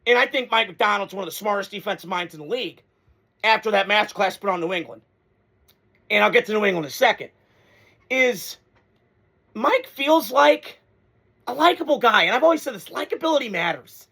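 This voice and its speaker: A man giving a casual, excitable football monologue, rambling with profanity and sudden bursts of hype. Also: high-pitched, brisk, gravelly, long pauses. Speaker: sports commentator. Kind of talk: casual sports talk monologue.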